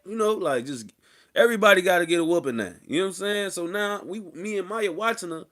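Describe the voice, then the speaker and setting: A man speaks as an interview guest, telling a story in loose, slang-filled talk. His voice sits fairly high and swings widely in pitch. He jumps into loud acted-out quotes of the people in the story. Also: brisk. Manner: animated, slangy, acts out quotes loudly. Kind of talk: casual storytelling.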